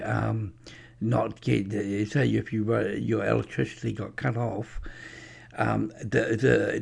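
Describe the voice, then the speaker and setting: A man's voice: lowish voice, a little mellow. A man giving a rambling, preachy religious monologue with anecdotes, many fillers and restarts. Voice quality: gravelly. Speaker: religious speaker.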